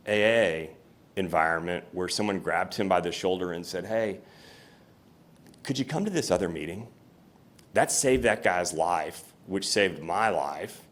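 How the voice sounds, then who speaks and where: Low-voiced guy on stage, candid and reflective, talks in restarts. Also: measured pace. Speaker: company CEO, guest speaker. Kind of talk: fireside chat on stage. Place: room with an audience.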